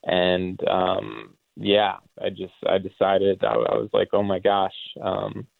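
A man calling in to a radio chat, talking haltingly with many ums and restarts. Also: sits low, flat delivery, vocal fry, no room sound. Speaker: caller. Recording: tinny phone line.

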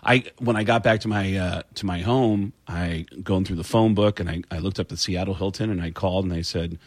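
A man's voice: sits low, fairly quick, no room sound. A middle-aged man, a comedian and impressionist, telling stories in a casual studio interview. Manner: animated storyteller, jumps into voices. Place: radio studio.

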